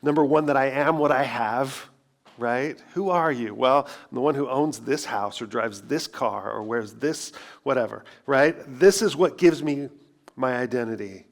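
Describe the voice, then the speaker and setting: A man's voice: mid-range voice, unhurried. A middle-aged man preaching a sermon as pastor, in a conversational way, full of rhetorical questions and self-deprecating asides.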